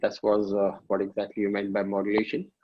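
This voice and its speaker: A man's voice: on the low side, completely flat delivery, quick pace, no echo, lo-fi sound. A man in a seminar asks a question hesitantly, searching for his words. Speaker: seminar participant.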